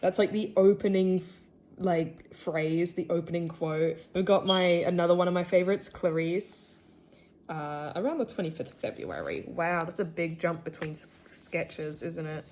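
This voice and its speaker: A woman's voice: animated, normal speed, darkish tone, slight background noise. Chatty teen girl flipping through sketches. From Australia. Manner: chatty, self-deprecating, full of "like" and "um"; gushes with sudden high squeals over favourite characters. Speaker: artist showing her sketchbook. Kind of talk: casual chat.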